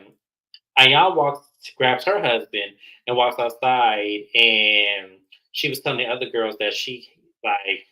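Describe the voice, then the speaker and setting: A man co-hosting a casual reality TV recap, acting out quotes in an animated way. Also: a little slow, poor audio. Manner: animated, acts out quotes with raised pitch. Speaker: recap show co-host. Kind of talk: casual review chat.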